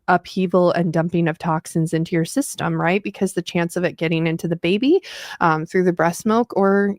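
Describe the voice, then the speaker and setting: A woman co-host with a lowish voice shares her health journey casually and directly with viewers, using many filler words. The studio-quality recording has no echo.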